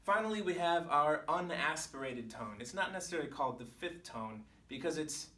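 A man, teaching a language lesson to camera in a clear, patient way, sometimes sounding out syllables at different pitches. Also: lively intonation, a little fast, sharp tone. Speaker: Chinese teacher. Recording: echoey room, mic some distance off.

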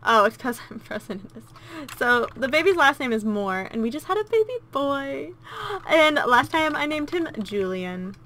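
A woman's voice: high voice, big pitch swings, moderate pace, fairly bright tone, a little hiss or hum. A woman hosting a let's play, chatting casually and gushing as she comments on her gameplay. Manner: gushing and cooing, easily delighted.

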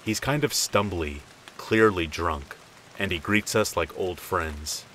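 A man's voice: sits low, takes it slowly, fairly bright tone, a little hiss or hum, low-quality recording. A man narrating a true scary story in the first person, in a casual, conversational way.

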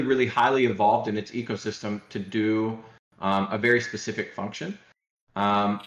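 A man's voice: medium pitch, echoey room, dull audio. A man from Alabama, a guest educator, chatting casually on a podcast in a rambling, joking way with lots of fillers and restarts.

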